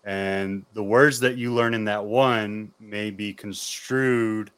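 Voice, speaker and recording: An American man talking as a guest on a casual podcast. His voice is lowish and smooth, and he explains things earnestly with plenty of fillers. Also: steady tone, takes it slowly, fairly bright tone. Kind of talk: casual conversation.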